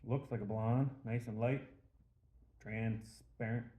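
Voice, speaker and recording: A man's voice: on the low side, fairly even intonation, takes it slowly, dark tone, highs cut off. A man hosting a casual beer review show, rambling a little with fillers as he tells a joke, in an echoey room.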